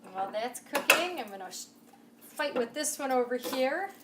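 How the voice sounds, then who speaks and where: A chatty woman with a bright, fairly high voice hosts a cooking demonstration in her home kitchen. She sits a little back from the camera mic, and sizzling pans and clattering utensils are clearly heard behind her. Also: lively intonation, normal speed, recorded from a distance, heavy background noise. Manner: chatty and enthusiastic, talks straight to the viewer. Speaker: home cooking show host.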